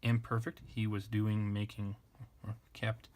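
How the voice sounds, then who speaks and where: Low-voiced man talking through a grammar lesson. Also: measured pace, slight background noise. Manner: thinking aloud, self-correcting, relaxed. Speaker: language teacher. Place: indoors at a desk with a camera.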